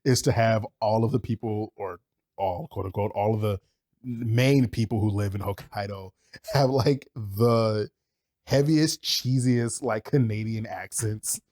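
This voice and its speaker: A man's voice: on the low side, a little slow, darkish tone. A man co-hosting a podcast in casual chat, rambling with lots of fillers and swearing. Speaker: podcast co-host.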